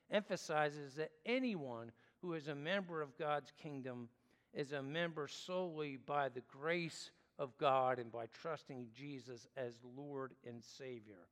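Earnest preaching man in a reverberant hall. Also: a little high. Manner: earnest, explanatory, measured pauses. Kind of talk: sermon.

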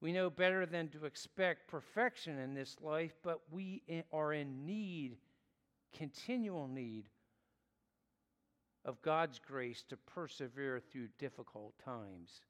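Slow earnest male preacher in a hall. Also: a little high, a bit bright. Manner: earnest preaching, stressing key words, slow and deliberate. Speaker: pastor. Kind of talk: sermon.

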